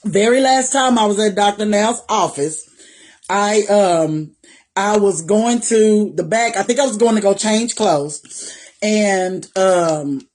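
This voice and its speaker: A woman's voice: medium pitch, darkish tone. A woman vlogger speaking straight to her viewers in a personal testimony, faith-filled and encouraging, repeating phrases for emphasis. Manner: talks directly to viewers.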